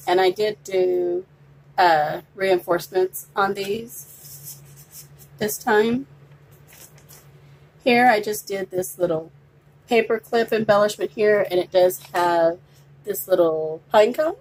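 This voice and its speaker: A woman's voice: mid-range voice, fairly even intonation, slow, long pauses, a little mellow, low-quality recording. A woman presenting a handmade paper journal in a casual show-and-tell, chatty and gushing, with some fillers. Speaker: craft vlogger.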